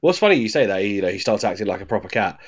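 A man's voice: lowish voice, very animated, very fast. A man co-hosting a podcast, casually talking through a film, swearing now and then and acting out lines from scenes. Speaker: podcast co-host. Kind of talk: casual film review chat.

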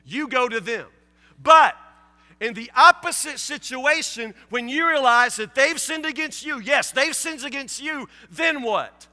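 A man's voice: extremely high pitch, a little slow, bright, forceful tone, in a large hall. A male pastor preaching a sermon with emphatic repetition, acting out his listeners' objections. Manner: emphatic, repeats key phrases, acts out listeners' objections.

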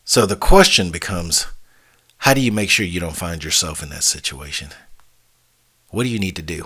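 A man hosts a business coaching podcast in a low voice with a bright, forceful edge. He tells his stories with emphasis and often repeats key words to drive a point home. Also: lively intonation, moderate pace, breathy edge. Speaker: podcast host.

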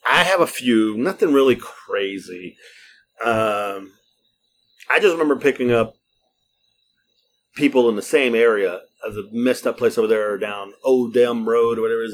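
A middle-aged man tells stories on a podcast in a loose, casual way. His speech is salty and lively, and he keeps an easy conversational pace. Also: medium pitch. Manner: profane, lively storytelling. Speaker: podcast host. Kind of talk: casual storytelling.

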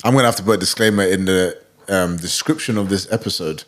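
A young man hosting a podcast in casual chat, full of joking banter and quick asides. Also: low-pitched. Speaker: podcast host.

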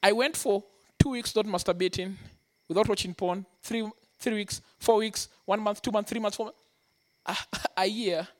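A man preaching a sermon, telling his own story with lively acted-out quotes. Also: high voice, moderate pace. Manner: animated storytelling, acting out quotes. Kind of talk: sermon testimony.

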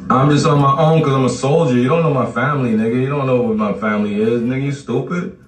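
A man's voice: mid-range voice, fairly even intonation, fast, distant mic, a little hiss or hum. A man ranting casually on a livestream, boasting, mocking and swearing, often breaking into laughter. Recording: roomy sound from off the mic.

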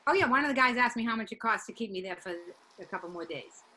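A woman comedian telling a story in casual chat, animated and profane, acting out each side of it. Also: fairly high pitch, quick pace, crowd noise. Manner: animated, profane, acts out both sides of a story. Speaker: stand-up comedian, guest.

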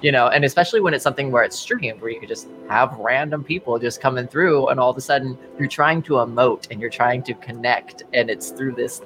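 A man hosting a podcast, encouraging and quick to laugh in casual chat. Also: medium pitch, a bit bright, faint music behind, poor audio.

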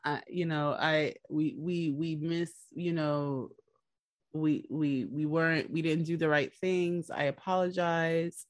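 A woman's low-pitched, slow voice is heard in a dry, studio-quality recording. As a podcast co-host recapping a drama series, she chats casually and brings the story to life by acting out whoever she quotes.

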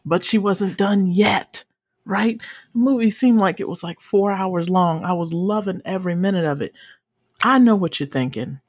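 A woman's voice: normal speed, slightly rough, no echo, studio quality. Emphatic, profane woman co-hosting a podcast. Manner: emphatic, profane, swings into high excited exclamations. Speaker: podcast co-host. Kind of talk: casual chat.

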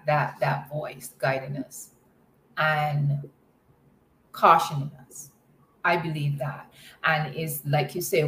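Low-voiced woman leading a Bible lesson. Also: fairly bright tone, roomy sound, slight background noise, rough recording. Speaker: Bible study class leader. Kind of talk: conversational Bible study lesson.

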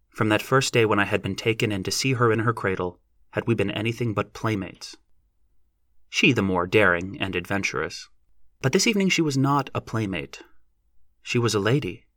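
A man narrating a novel as an audiobook in a measured, even reading. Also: on the low side, dry recording, clean studio sound.

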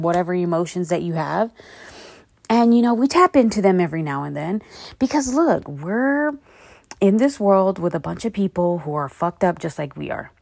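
Low-voiced woman ranting solo on her podcast, swears a lot, dry close mic. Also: gravelly, a little mellow, no room sound. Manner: blunt, profane, rambling. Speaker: podcast host. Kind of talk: casual solo podcast monologue.

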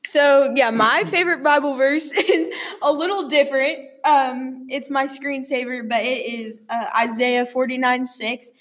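A woman's voice: high-pitched, steady tone, unhurried. A young woman hosting a casual chat, chatty and giggly, with lots of fillers. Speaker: host.

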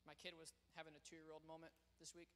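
A young man preaching a sermon as pastor, swinging between loud proclaiming and quiet storytelling. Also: a little high, monotone, fast, a little hiss or hum. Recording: long reverb of a large hall.

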